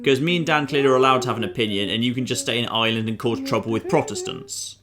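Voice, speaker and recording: A man's voice: mid-range voice, sing-song, quick pace. A man from the UK co-hosting a casual podcast, teasing and sarcastic in a dry way. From United Kingdom. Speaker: podcast co-host.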